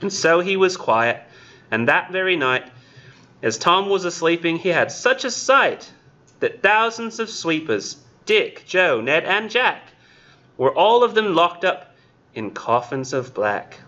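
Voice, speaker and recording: A man's voice: high-pitched, big pitch swings, measured pace, bright, forceful tone, highs cut off, voice pushed up, full character voice. A man reading a poem aloud in a put-on British accent as a tiny young boy chimney sweep, in a sing-song nursery-rhyme lilt that drifts toward Australian. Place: classroom.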